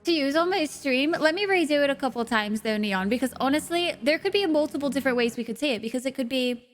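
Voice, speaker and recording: A woman's voice: high-pitched, lively intonation, quick pace, few pauses, soft background music. A woman streaming live, chatting with her viewers in a playful way, swearing freely and laughing often.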